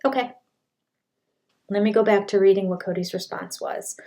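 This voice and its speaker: An older woman, a speech language pathologist, giving casual commentary on a reality show and reading quotes aloud in an exasperated, animated way. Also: mid-range voice, brisk. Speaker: reaction channel host.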